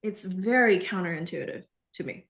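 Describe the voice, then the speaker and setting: A woman's voice: fairly low pitch, moderate pace, fairly bright tone. A woman co-hosting a live relationship talk, speaking in a candid and reflective way. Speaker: relationship coach co-host. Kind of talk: live-streamed conversational talk.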